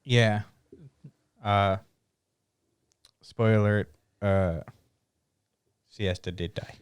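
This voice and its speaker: Smooth-voiced laid-back podcast co-host. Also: male voice, fairly low pitch, steady tone, extremely slow, dry recording. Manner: laid-back, amused, chuckling often. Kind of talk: casual podcast chat.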